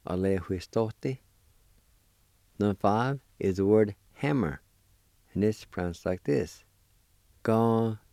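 A man's voice: on the low side, expressive, slow, vocal fry, long pauses, dark tone, no echo, clean studio sound. A man teaching a language lesson, patiently spelling and sounding out words syllable by syllable and encouraging his listeners.

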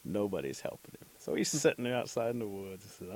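A man telling a folk tale aloud, animated, acting out the characters' lines. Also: on the low side, fast, few pauses. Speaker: storyteller. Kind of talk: oral storytelling.

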